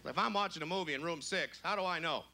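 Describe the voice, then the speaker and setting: A man doing a brash, crude stand-up comedy routine on a club stage, shouting his punchlines in high, squeaky put-on voices. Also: fast. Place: club stage before a live audience.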